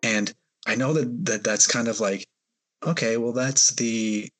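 A man's voice: mid-range voice, steady tone, unhurried, fairly bright tone. A man, a guest on a podcast, tells a personal story in a hesitant, rambling way with many fillers. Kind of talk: storytelling in an interview.

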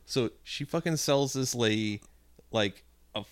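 A man's voice: medium pitch, unhurried, no room sound. A man co-hosting a podcast, telling stories in a casual, profane way and acting out the people in them. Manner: profane, animated storyteller acting out quotes. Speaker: podcast co-host. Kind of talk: casual storytelling chat.

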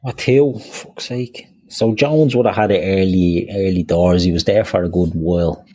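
A man's voice: sits low, normal speed, mellow. A man taking part in a football quiz, thinking aloud and swearing casually. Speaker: quiz contestant. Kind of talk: casual podcast banter.

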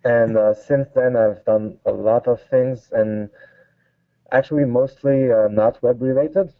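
A man's voice: mid-range voice, fairly even intonation, unhurried, no echo. French-accented man on a tinny call. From France. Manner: hesitant, many fillers. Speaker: guest designer. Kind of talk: casual interview. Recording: tinny phone-like line.

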